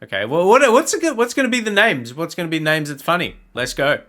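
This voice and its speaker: Bright-voiced man hosting a reaction video. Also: fairly high pitch, big pitch swings, fast. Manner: loose, rambling, with fillers. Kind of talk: casual reaction commentary.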